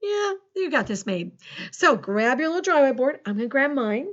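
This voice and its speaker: A middle-aged woman teacher leading a recorded phonics lesson for young children, upbeat and encouraging, spelling words out slowly letter by letter. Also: high-pitched, sing-song, a bit bright, highs cut off.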